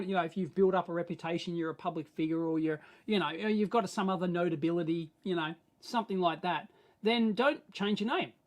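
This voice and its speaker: An Australian man hosting a live stream, answering viewer questions in a rambling, animated way that swings between mumbled asides and excited bursts. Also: high voice. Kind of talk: casual live-stream chat.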